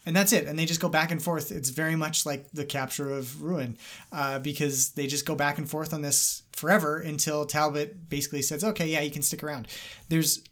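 A man's voice: on the high side, flat delivery, a little fast, a bit bright. A man co-hosting a podcast, talking analytically with many hesitations and uhs. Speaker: podcast co-host. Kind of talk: casual literary discussion.

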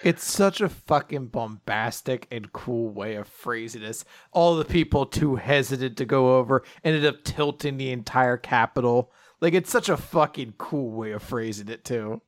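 A man of middle pitch chats casually as a podcast co-host, speculating and enthusing with some casual swearing. His voice sounds dry and close, with no room echo. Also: normal speed, few pauses. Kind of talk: casual chat.

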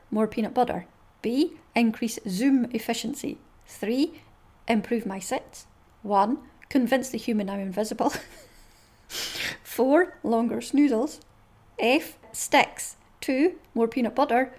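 Earnest affectionate pet dog, deadpan, long pauses, Scottish woman reading it, fairly high voice. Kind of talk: reading funny dog posts aloud.

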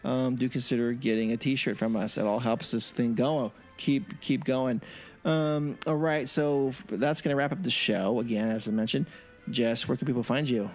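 A man hosting a podcast, wrapping up the show in a relaxed, halting way with many ums. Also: medium pitch, soft background music. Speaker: podcast host. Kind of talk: casual sign-off chat.

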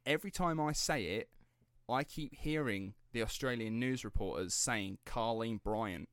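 A man's voice: medium pitch, moderate pace, fairly bright tone, no room sound, studio quality. A man hosting a casual true-crime podcast, rambling and laughing as he drifts off script. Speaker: podcast host.

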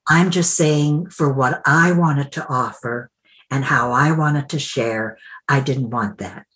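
A woman's voice: very deep voice, slow, fairly bright tone. A woman who works as a mentor and coach, talking reflectively in an interview and acting out the voices in her stories. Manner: reflective, acts out quoted dialogue. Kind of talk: conversational interview storytelling.

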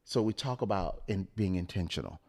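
A man co-hosting a late-night motivational live stream, with a smooth radio-style voice and a preacherly way of repeating phrases for emphasis. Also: low voice, brisk, darkish tone.

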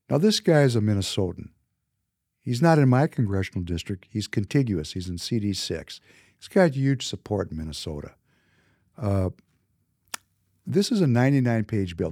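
Impassioned man with lively pitch. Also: breathy edge, no room sound, studio quality. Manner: impassioned, emphatic, slows words for emphasis. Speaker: podcast host. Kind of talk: opinionated commentary.

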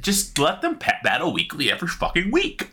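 A man chatting casually on a gaming podcast, with a very bright, ringing tone. His pitch swings widely as he gets excited. He swears freely and sometimes keeps talking through a mouthful of food. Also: fairly quick, husky. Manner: animated, swearing, eating while talking. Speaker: podcast co-host.

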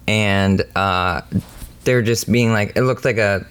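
A woman's voice: extremely low pitch, slow, clear, resonant tone. A woman co-hosting a casual podcast who rambles, laughs often and chats freely. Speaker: podcast co-host. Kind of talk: casual chat.

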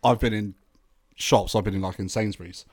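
Brief: man, lowish voice, easygoing podcast co-host, dry close mic. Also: fairly quick, no echo. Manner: relaxed, reads listener questions, swears casually. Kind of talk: casual chat.

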